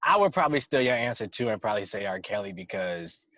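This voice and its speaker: A laid-back man co-hosting a podcast in easy chat, with a lively rise and fall in his voice. The sound is dry and dull, like a lo-fi mic. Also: on the low side, quick pace, no room sound. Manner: laid-back, laughs often. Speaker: podcast co-host. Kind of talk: casual chat.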